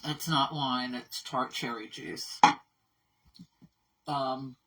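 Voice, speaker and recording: A woman who runs an animal rescue, talking candidly in a casual vlog update, rambling and halting with fillers. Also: rumbling low, fairly even intonation, bright, forceful tone, husky. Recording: voice somewhat far from mic.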